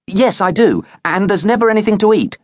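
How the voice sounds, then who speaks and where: A man's voice: sits high, lively intonation, brisk, no room sound, clean studio sound, pitched above the performer's own voice. A man doing a small nervous boy. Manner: hesitant, stumbling with uh. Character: small nervous eleven-year-old boy.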